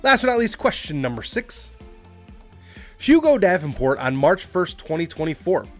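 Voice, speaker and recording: A man's voice: on the high side, big pitch swings, moderate pace, soft background music. Casual man hosting a movie quiz. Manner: reads quotes aloud, then comments casually with asides. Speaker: quiz podcast host.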